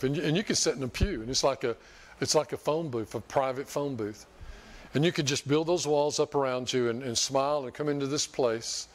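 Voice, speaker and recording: Speaking at a brisk clip in a medium-pitched voice, an older pastor rambles folksily through a sermon in the church sanctuary, often restarting and repeating himself as he talks to the congregation.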